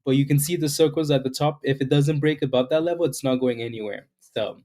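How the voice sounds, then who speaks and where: A fast-talking man with a dark-toned, mid-range voice hosts a day-trading livestream. Loose market chatter fills the stream as he greets viewers, often closing lines with "right?"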